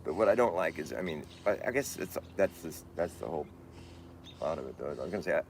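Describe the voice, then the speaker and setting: A man's voice: deep voice, lively intonation, fast, a little hiss or hum. A man talking in a loose, rambling monologue, often restarting his sentences and laughing at himself.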